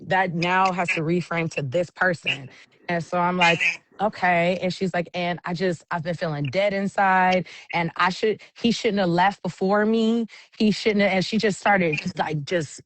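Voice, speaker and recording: Woman MC, animated storyteller, lowish voice, faint noise behind. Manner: animated storyteller, acts out quotes. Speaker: event MC, guest. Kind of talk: casual storytelling interview.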